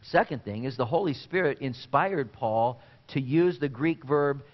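A man's voice: mid-range voice, dull audio. Earnest man preaching a sermon. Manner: earnest preaching with deliberate pauses and repetition. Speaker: pastor.

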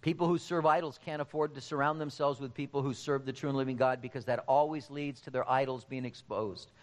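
Male pastor, sermon, emphatic, direct address, mid pitch, long hall reverb. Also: steady tone, brisk.

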